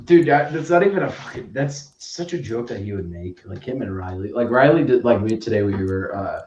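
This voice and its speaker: A man's voice: lowish voice, lively intonation, brisk, darkish tone, lo-fi sound. Young guy rambling in an echoey room. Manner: rambling, profane storytelling with lots of "like". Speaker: podcast co-host. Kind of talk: casual chat. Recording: echoey room, distant mic, faint noise.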